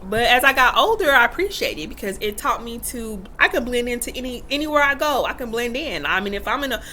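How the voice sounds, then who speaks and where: Candid, emphatic mother with a bright voice. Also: on the high side, expressive, fast, slight background noise. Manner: candid, emphatic, acts out quotes. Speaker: vlogger and mother. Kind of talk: casual talk to camera.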